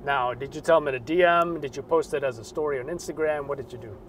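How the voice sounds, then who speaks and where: A man's voice: mid-range voice, fast, fairly bright tone. A man interviewing a guest, asking short direct questions.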